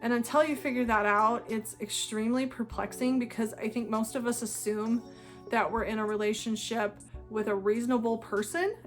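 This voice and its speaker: A woman's voice: on the high side, steady tone, moderate pace, soft background music. Earnest woman explaining to camera. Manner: earnest, emphatic, repeats phrases. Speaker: video host.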